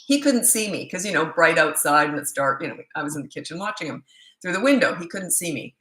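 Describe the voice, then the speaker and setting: Bright, animated woman parenting coach. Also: low-pitched, quick pace, reverberant, rough recording. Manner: animated storyteller, laughs often. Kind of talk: casual live Q&A chat.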